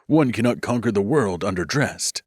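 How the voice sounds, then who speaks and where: A man's voice: on the low side, expressive, normal speed, darkish tone, slightly rough, no room sound. Man doing a dry, smirking mage. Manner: dry, smirking, plain-spoken.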